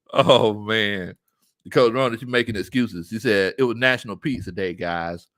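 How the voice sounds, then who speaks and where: A man's voice: on the low side, a little slow, a bit bright. A man hosting a casual sports livestream, laughing often and reading viewer comments aloud as he tells stories. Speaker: sports show host.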